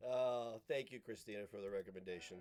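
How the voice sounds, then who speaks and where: A man's voice: lowish voice, a little fast. A man live-streaming, chatting loosely with viewers, joking and laughing often as he reads chat aloud.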